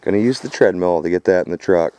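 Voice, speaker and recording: A man's voice: deep voice, quick pace, warm tone, clear, resonant tone. A man vlogging outdoors at a rural property while hauling scrap, talking loosely to viewers with plenty of swearing and sometimes out of breath. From Michigan. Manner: loose, profane, addresses viewers as folks and boys. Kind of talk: casual vlog narration.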